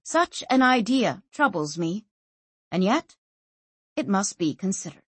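A woman narrating a fantasy audiobook in an expressive storytelling manner. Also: mid-range voice, measured pace, husky, no room sound. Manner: expressive, lively storytelling reading.

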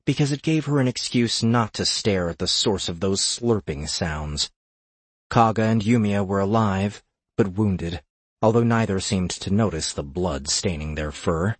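Husky, low-voiced male audiobook narrator. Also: no echo. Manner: steady, measured storytelling.

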